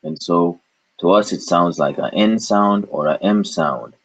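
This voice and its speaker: A man's voice: low-pitched, unhurried. A man teaching a recorded language lesson, explaining patiently and asking and answering his own questions. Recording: dull lo-fi recording.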